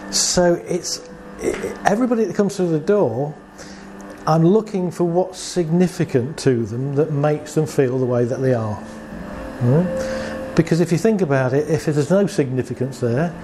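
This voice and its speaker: With a slightly high voice at a moderate pace, a male therapist chats about his job and shares anecdotes about clients. He plays both parts of the conversations and poses rhetorical questions. Music plays in the background.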